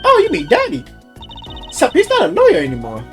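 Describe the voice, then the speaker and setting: A woman voicing a cheerful teenage girl magician, high and bubbly. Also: huge pitch swings, fast talker, creaky, music in the background, heavily acted. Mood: excited.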